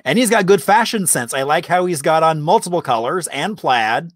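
Male host, slightly high voice, upbeat and conversational trivia style. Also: lively intonation, normal speed, fairly bright tone, no echo, studio quality. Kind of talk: casual trivia hosting.

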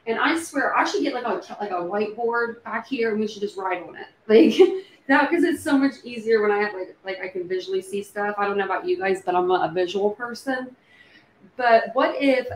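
A woman hosting a casual livestream, thinking out loud with many fillers and restarts. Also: mid-range voice. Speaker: true crime livestream host. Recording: echoey room with faint background noise.

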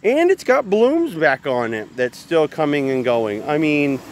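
A man's voice: a little high, very animated, measured pace, a little hiss or hum. A man giving a casual, chatty walk-through of his garden outdoors, often calling the viewers guys. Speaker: gardening vlogger.

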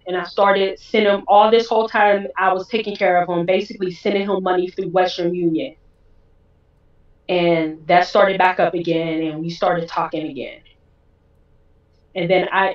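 A woman, a guest, telling a candid personal story in an animated way. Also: fairly low pitch. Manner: animated, acts out others' voices in quotes. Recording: roomy, distant, dull sound.

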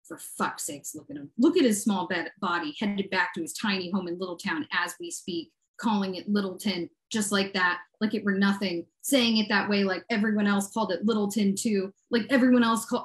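A woman poet performing her own poem aloud, cooing in baby talk and breaking into low, cursing asides. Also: lively intonation, brisk. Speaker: guest poet. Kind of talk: performance poetry reading.

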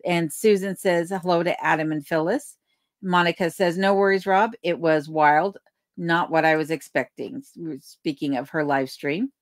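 A woman's voice: lowish voice, fairly even intonation, normal speed, dry recording, clean studio sound. A woman hosting a casual livestream from her home in remote Alaska, reading out viewer comments, thanking people by name and laughing easily. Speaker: livestream host. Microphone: desk microphone.

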